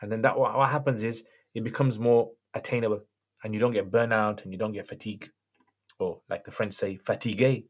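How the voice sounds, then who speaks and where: Relaxed man hosting a livestream. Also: fairly low pitch, a little fast. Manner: relaxed, chatty, laughs between answers. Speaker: livestream host answering viewer questions. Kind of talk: casual chat.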